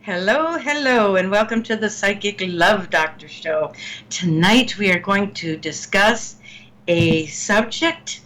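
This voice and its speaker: A woman's voice: mid-range voice, lively intonation, slow, fairly bright tone, rough recording. A woman hosting a talk show, chatting casually and laughing easily with her co-hosts.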